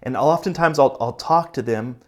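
A male pastor delivering a sermon in an earnest, conversational way. His voice sits at an ordinary middle pitch, and his pace swings between quick bursts and slow, stressed phrases. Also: darkish tone. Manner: conversational preaching, earnest, speeds up and slows for emphasis.

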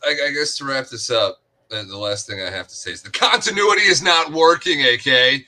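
Male co-host, bright voice, measured and analytical, lots of restarts. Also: mid-range voice, lively intonation. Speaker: sports podcast co-host. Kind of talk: casual sports chat.

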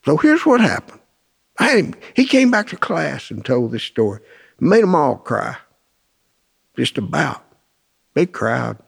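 A man's voice: on the high side, sing-song, measured pace, creaky, long pauses, husky. A man teaching a Christian class, preaching through a personal story in a folksy, storytelling way. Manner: folksy storytelling, acts out phone calls in raised voices.

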